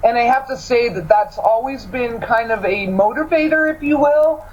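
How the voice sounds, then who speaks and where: A woman's voice: a little high, normal speed, a little mellow, highs cut off. A woman hosting a radio show, talking in an earnest, emphatic way and often repeating words for stress. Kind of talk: casual spiritual chat.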